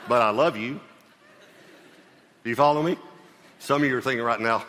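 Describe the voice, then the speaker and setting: A pastor delivering a sermon in an emphatic, conversational way, often checking in with the congregation through questions. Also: male voice, medium pitch, moderate pace, pauses often, sharp tone, slight background noise. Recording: long reverb of a large hall.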